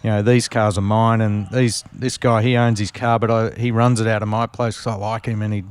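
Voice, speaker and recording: A man recounts his racing days as a podcast guest. His voice sits a little low, and he rambles through anecdotes with plenty of fillers and restarts. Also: little pitch movement, brisk, smooth. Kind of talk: casual storytelling interview.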